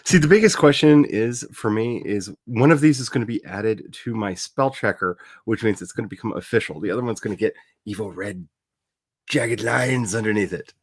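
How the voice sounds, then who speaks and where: A man's voice: on the low side, normal speed, slightly rough, no echo, studio quality. A man talking casually on a livestream as he builds his fictional world, chatty and playful, addressing his viewers and grumbling at his browser.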